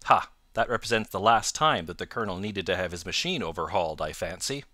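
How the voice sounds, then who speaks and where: A man voicing a sharp, confident male detective in an audiobook, cool and measured. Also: deep voice, lively intonation, no room sound, clean studio sound, full character voice. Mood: assured. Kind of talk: audiobook narration.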